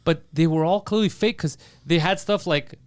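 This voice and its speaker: A man co-hosting a comedy podcast, telling a story in casual comic style and acting out the lines of his friends. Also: on the high side. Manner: rapid, animated, acts out quoted friends. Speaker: podcast co-host.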